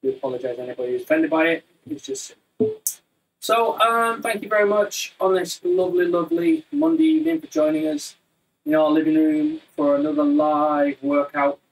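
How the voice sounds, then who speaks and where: Male martial arts instructor, higher-pitched, rambling and jokey, heard from a distance in a living room. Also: big pitch swings, fairly quick, vocal fry. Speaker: Muay Thai instructor. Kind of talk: casual live online class chat. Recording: distant, slightly roomy sound.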